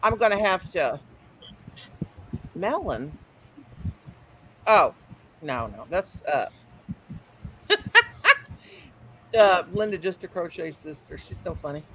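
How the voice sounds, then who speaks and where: A woman hosting a casual crochet live stream, telling animated stories. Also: lowish voice, slow, pauses often. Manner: animated storyteller, quotes people with Southern-style grammar. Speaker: crochet channel host. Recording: noisy home live stream.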